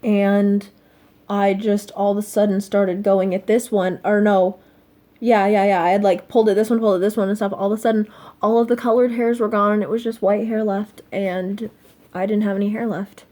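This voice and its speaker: A teenage girl speaking in a personal confessional vlog, soft and halting, full of fillers, sounding upset. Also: medium pitch, flat delivery. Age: teens. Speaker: vlogger.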